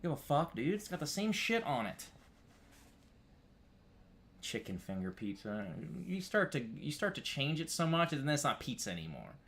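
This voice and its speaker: A man from upstate New York talking casually to his chat. He rambles, restarts his sentences and curses a lot, calling everyone "dude", and his voice climbs high and loud when he gets worked up. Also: sing-song, moderate pace, slight background noise.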